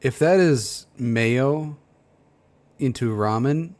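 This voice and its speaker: A man's voice: mid-range voice, extremely slow, a little mellow, faint music behind. A man commenting casually on posts, blunt and dry in his put-downs. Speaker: reaction streamer.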